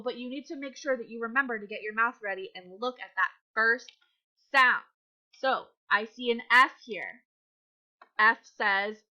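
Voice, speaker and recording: A woman's voice: fairly high pitch, a little slow, long pauses, lo-fi sound. A woman teaching young children to read, patient and encouraging as she sounds out letters. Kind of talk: reading lesson for young children.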